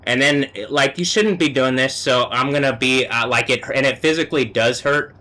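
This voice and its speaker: A man on a live stream, talking alone in an agitated, profane rant that swings between low muttering and yelling. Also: normal speed. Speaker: livestreamer.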